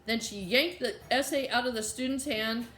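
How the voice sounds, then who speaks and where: Brief: woman audiobook narrator, higher voice, steady storybook reading, echoey room. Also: normal speed, slight background noise. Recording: roomy echo.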